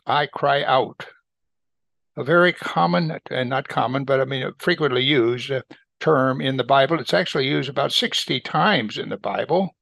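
A man slowly reading and explaining Bible verses, repeating phrases for emphasis in a deliberate teaching style. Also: medium pitch, creaky, fairly bright tone, no room sound.

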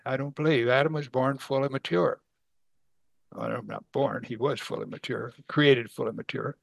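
A man's voice: medium pitch, creaky, a bit bright, no room sound. A middle-aged man teaching a Bible passage in a folksy, conversational way, chuckling and acting out the people in the story. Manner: folksy, chuckles, acts out voices.

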